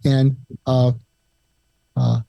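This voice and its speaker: Gravelly-voiced older man giving calm advice. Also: mid-range voice, drawn-out words, no room sound. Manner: calm, explains step by step, acts out example lines. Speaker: psychiatrist guest. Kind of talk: advice in a podcast interview.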